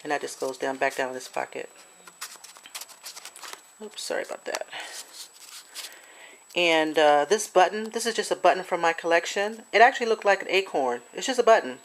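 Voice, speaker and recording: A woman's voice: lowish voice, expressive, moderate pace, pauses often, a little hiss or hum. A woman chatting her way through a handmade craft project with many fillers and restarts, now and then apologetic. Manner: gets emotional and apologetic. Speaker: crafter showing a swap project. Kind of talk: casual show-and-tell craft video.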